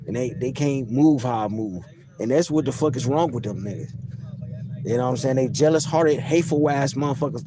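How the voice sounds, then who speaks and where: A man's voice: medium pitch, noisy background. A man vlogging a casual, profane, boastful rant to his viewers from outdoors in public. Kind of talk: casual ranting monologue to camera.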